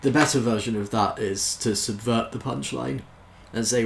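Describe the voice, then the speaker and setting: Gravelly British man reading jokes. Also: mid-range voice, fairly even intonation, moderate pace, reverberant, a little hiss or hum. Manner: amused, self-mocking, chuckles between jokes. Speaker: YouTuber.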